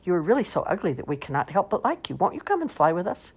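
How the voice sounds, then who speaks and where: A woman doing teasing high wild geese. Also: very animated, fast, slightly rough, full character voice. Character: mocking but friendly wild geese.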